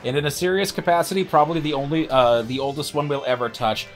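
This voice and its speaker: A man's voice: fairly high pitch, fairly even intonation, quick pace, faint music behind. A young man co-hosting a gaming video, adding dry, factual asides. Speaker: let's play co-host. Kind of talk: casual gaming commentary.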